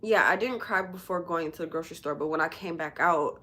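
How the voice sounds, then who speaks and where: A woman with a low, deep-set voice talks candidly to her livestream viewers, rambling through fillers and casual swearing. She sounds emotional and tender from recent crying. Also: fairly quick, bright, forceful tone. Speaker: livestream host.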